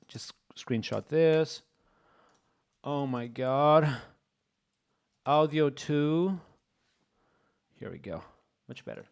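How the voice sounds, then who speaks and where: A man hosting a live coding stream, excitable and exclaiming as he talks to his chat. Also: medium pitch. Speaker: streamer, host.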